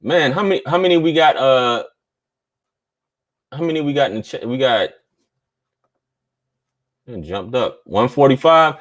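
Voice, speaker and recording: A man's voice: mid-range voice, lively intonation, unhurried, pauses often, fairly bright tone. A man hosting a casual live stream, talking in a laid-back, slangy way and reading viewer chats aloud.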